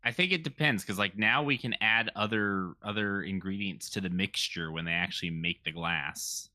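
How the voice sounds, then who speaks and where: Low voiced guy with a tense bright edge, tabletop player, kinda hesitant. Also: moderate pace, dry recording, clean studio sound. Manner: hesitant, explaining with fillers. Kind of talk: casual tabletop game chat.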